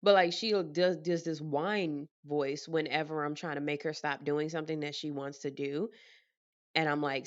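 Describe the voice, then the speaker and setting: A woman vlogger chatting casually to camera from her apartment, telling animated stories and laughing often. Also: low-pitched, normal speed, muffled recording.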